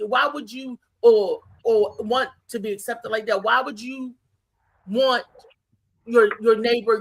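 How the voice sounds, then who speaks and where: A woman's voice: fairly high pitch, a bit bright. A woman comedian hosting a talk show, telling an emphatic story with a preachy edge. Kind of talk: casual talk show monologue.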